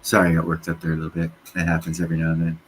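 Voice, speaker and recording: This very low-voiced man runs a laid-back livestream and fires off rapid replies to the chat. Profane and excitable, he jumps between subjects, and the poor audio carries a light hiss.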